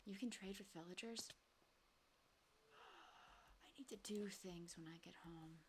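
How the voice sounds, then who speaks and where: A woman streamer chatters her way through a gameplay session, half talking to herself and half to her viewers, with a pitch that sits in an ordinary middle range. A faint hiss of background noise sits under her voice. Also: big pitch swings, slow, darkish tone. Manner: chatty, talks to herself, sing-song and exclaiming. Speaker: streamer playing a block-building game. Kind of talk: casual live-stream gameplay chat.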